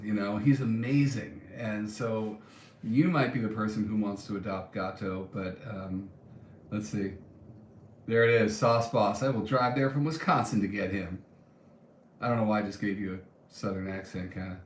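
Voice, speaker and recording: A man's voice: mid-range voice, roomy sound, slight background noise. A man hosting a casual live stream and reading viewer comments aloud, talking in a rambling way with many ums and restarts.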